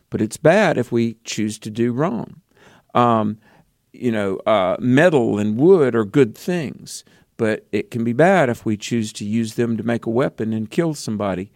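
A man's voice: medium pitch, a little mellow, no room sound. Male radio co-host, earnest explainer, dry close sound. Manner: earnest, explanatory, with frequent fillers. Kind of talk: Christian call-in radio talk.

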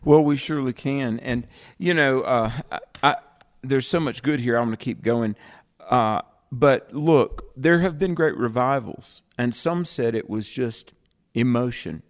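A man's voice: medium pitch, measured pace. A man co-hosting a Bible teaching show, reading scripture aloud and explaining it with emphatic contrasts.

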